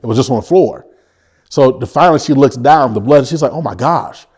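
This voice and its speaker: A man telling his own life story as an interview guest, earnest and halting, often restarting his sentences. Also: mid-range voice, a little mellow, breathy edge. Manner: vivid retelling.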